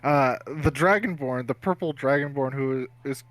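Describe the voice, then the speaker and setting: A man playing a tabletop game, describing his character slowly and deliberately. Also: medium pitch, fairly bright tone, dry recording, faint music behind. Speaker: player. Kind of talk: tabletop role-play.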